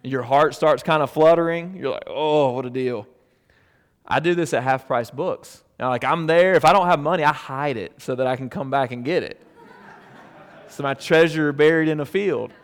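A man preaching a sermon in a conversational, storytelling way, with loud emphatic peaks that drop to hushed near-whispers. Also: a little high, moderate pace, in a large hall. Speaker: pastor.

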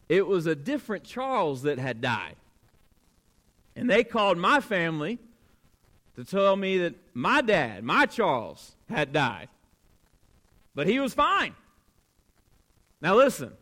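A man preaching a sermon as pastor, telling a personal story in an earnest way that moves from hushed, quiet lines to emphatic, raised ones. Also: a little high.

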